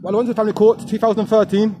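A man's voice: sits high, level tone, very fast, noisy background. A man filming his own confrontational street vlog as a fathers' rights activist, firing off taunting questions. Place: outdoors on a street.

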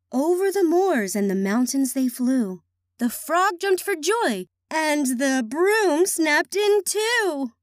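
A woman reading a children's picture book aloud in a high, lively, sing-song voice. Her pitch rises and falls expressively, recorded close and dry. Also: no room sound. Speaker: children's story reader.

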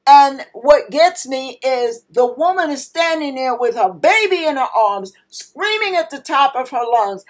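A woman's voice: high voice, animated, a little slow, hardly any pauses, slight background noise. A woman pastor preaching a sermon in an emphatic manner, acting out panicked cries now and then.

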